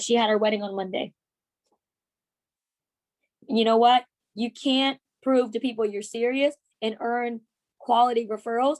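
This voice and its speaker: Animated woman coaching a sales team. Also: on the high side. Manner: animated storytelling, acts out quoted dialogue. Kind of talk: motivational team training talk.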